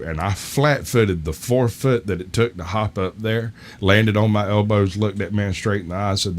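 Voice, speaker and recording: A man's voice: low-pitched, steady tone, moderate pace, few pauses. A man telling a long, profane story in a casual chat, often breaking into laughter. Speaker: podcast co-host.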